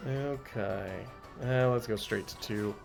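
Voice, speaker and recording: A man's voice: mid-range voice, slow, creaky, over music. A man streaming a game, talking in a laid-back, self-deprecating, casual commentary style.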